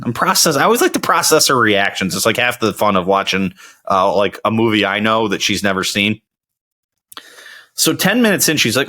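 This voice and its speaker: A man's voice: on the low side, pushed and bright. A young man hosting his own show, chatting casually and telling rambling stories with frequent restarts. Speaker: podcast host. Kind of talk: casual solo chat.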